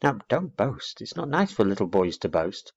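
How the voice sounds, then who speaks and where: A man's voice: lowish voice, sing-song, normal speed, breathy edge, full character voice. A man voicing a fussy, prim, short-sighted old lady in a storybook reading, dull lo-fi recording. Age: older. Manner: prim, scolding, genteel.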